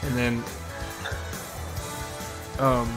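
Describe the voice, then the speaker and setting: A man's voice: medium pitch, level tone. A man streaming a game with friends, joking around in casual chat and laughing often. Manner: joking, quick to laugh, loud outbursts. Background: game music.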